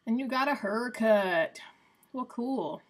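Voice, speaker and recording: A woman's voice: on the high side, lively intonation, slow pace. A woman live streaming in casual chat, rambling and answering her viewers by name. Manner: coos softly to her cat.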